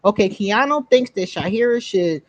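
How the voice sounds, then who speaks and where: A woman, hosting a casual live stream where she reads cards for viewers, animated and quick to laugh. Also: mid-range voice, no room sound, highs cut off. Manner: animated, laughs often, drawn-out emphasis. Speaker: host doing card readings for viewers.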